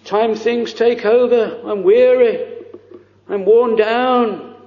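A man preaching a fervent, pleading sermon, full of drawn-out exclamations and quoted prayers. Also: very high voice, steady tone. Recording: lo-fi recording in a reverberant church.

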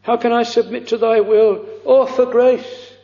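A man preaching a fervent, pleading sermon, full of drawn-out exclamations and quoted prayers. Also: very high voice, fairly even intonation, dark tone. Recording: lo-fi recording in a reverberant church.

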